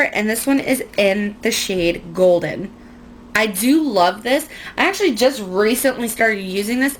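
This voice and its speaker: A young woman with a drawl talks her way through a makeup routine, her voice sitting a little high. She rambles, pokes fun at herself, and drifts off on side stories. There's a faint hiss of background noise under her. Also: fairly bright tone. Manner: chatty, rambling, self-mocking with frequent laughs. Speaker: beauty vlogger. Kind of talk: casual makeup tutorial chat.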